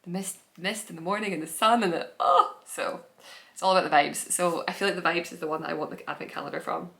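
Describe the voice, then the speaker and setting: In a relaxed, chatty podcast, the host gushes about the things she loves. Her voice sits a little low for a woman and is gravelly, and she talks in rapid-fire bursts. She frequently trails off mid-sentence and starts over.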